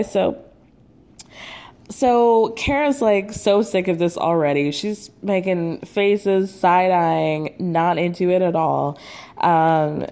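A woman's voice: fairly low pitch, slow pace, dark tone, smooth. A young woman casually recapping a show, chatty and sarcastic, full of "like" and "um". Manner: chatty and sarcastic, with many fillers.

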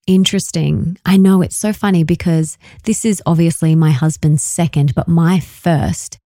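Young woman podcast host, mellow low-ish voice, dry close mic, telling stories about her kid. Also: moderate pace, no room sound. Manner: expressive, personal storytelling. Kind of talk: podcast interview conversation.

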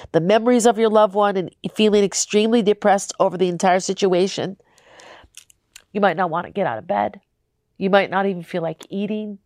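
A woman's voice: on the low side, darkish tone, no echo. Young adult woman, podcast host. Earnest and tearful at times, speaking straight to her listeners. Dry, close-miked sound. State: crying at times. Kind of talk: heartfelt faith podcast talk.

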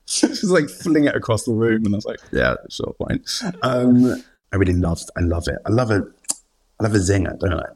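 Husky-voiced man in lively chat. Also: fairly low pitch, a little fast. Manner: animated, laughing, full of restarts and acted-out quotes. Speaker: actor guest. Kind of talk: casual interview chat.

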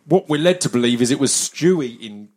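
A man's voice: medium pitch, lively intonation, brisk, a little mellow, slightly rough. A man hosting a casual podcast, rambling and stopping to restart his sentences with lots of fillers. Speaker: podcast host.

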